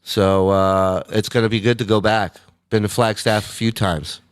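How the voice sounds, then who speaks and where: A man hosting a casual livestream, reading out viewer messages in a loose, profane way and breaking into loud, high impressions. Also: little pitch movement, moderate pace, smooth. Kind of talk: casual chat.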